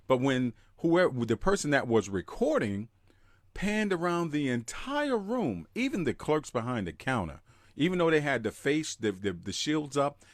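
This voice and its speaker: Slow, emphatic man hosting a live podcast. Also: mid-range voice, no room sound, clean studio sound. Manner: emphatic, greets listeners in chat by name. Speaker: podcast host.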